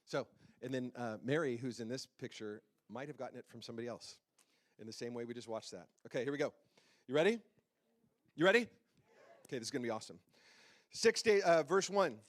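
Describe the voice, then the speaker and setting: This pastor talks fast at a medium pitch, using a handheld mic in a church sanctuary. His sermon feels like a casual conversation, playful and talkative, with many questions directed at the congregation.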